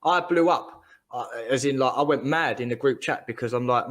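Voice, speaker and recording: Guy ranting about someone, slangy and animated, keeps repeating himself. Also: mid-range voice, normal speed. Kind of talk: ranting casual chat.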